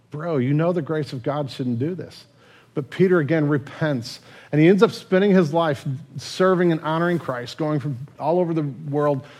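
A male pastor delivering a sermon in a relaxed, conversational style. His voice sits slightly higher than most men's, and he moves between energetic, loud retelling and quiet, tender moments. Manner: casual storytelling, swings from loud and lively to hushed and tender.

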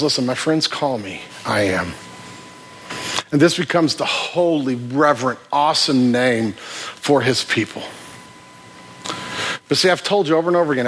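A man preaching a sermon, his voice sitting a little high for a man. He talks to the congregation in a loose, conversational way and often restarts his phrases mid-thought. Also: a bit bright, slightly rough. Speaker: pastor.

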